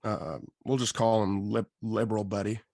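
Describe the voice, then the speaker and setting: Man, low gravelly voice, animated storyteller, dry close sound. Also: moderate pace, dry recording. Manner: animated, lively storyteller acting out quotes. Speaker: podcast host. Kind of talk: casual storytelling.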